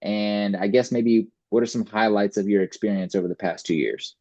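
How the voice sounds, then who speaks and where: A man's voice: lowish voice, fairly even intonation, moderate pace, dark tone, no echo. A man hosting a casual fitness podcast interview over a video call, upbeat and chatty, often addressing listeners directly. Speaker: podcast host and fitness coach.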